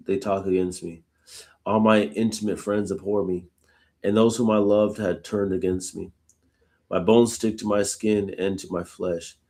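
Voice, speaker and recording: Deep-voiced man reading scripture. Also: a little mellow. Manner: reads verses aloud, then reflects informally; uses casual "y'all" asides. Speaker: Bible study host. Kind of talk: live scripture reading with commentary.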